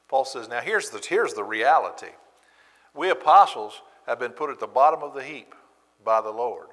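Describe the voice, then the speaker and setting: A man teaching a sermon with a bright, forceful voice. He talks in an animated way and acts out sarcastic quotes with relish. The sound carries a long reverb from the church room. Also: mid-range voice, moderate pace. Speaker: preacher. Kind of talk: bible class sermon.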